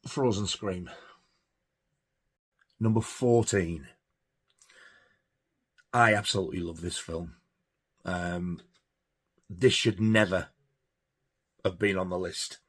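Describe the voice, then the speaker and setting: Husky low-voiced man rambling. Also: takes it slowly, long pauses, a bit bright. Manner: rambling, hesitant, many fillers. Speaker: film collector reviewing horror films. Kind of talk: casual film review chat.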